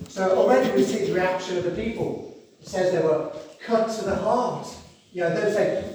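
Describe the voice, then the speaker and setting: A man's voice: sits high, fast talker, dark tone. Earnest preacher man in an echoey hall. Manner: earnest, rousing, reads scripture aloud. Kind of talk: sermon. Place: church hall. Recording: echoey church hall from far off.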